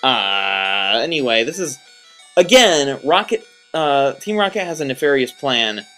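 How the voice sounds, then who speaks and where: A man's voice: mid-range voice, very animated, unhurried, pushed and bright. Young male let's-play commentator, rambling and self-mocking, faint game music behind. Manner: rambling, self-deprecating, jokey. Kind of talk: casual gameplay commentary.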